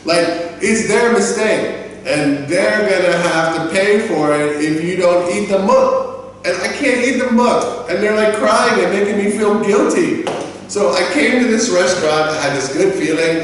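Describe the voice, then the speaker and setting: A man's voice: measured pace, a little hiss or hum. A man teaching a business English lesson, telling customer service stories and acting out staff and customers. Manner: animated storyteller, acts out quoted staff in a higher voice. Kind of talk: lecture with personal anecdotes. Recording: echoey room, mic far off.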